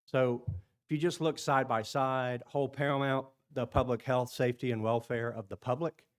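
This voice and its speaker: A man speaks at a professional seminar in a meeting room full of people, his voice sitting at an ordinary middle pitch. He talks in a chatty, loose way, stumbling over repeated words and pausing to ask his audience whether things make sense. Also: fairly even intonation. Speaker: seminar presenter. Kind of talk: conference talk to engineers.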